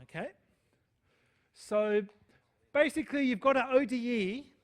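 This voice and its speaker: A man's voice: very high-pitched, unhurried. A man lecturing on math to a live class, chatty, often checking in with "okay?" and "right?". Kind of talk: live lecture with student questions.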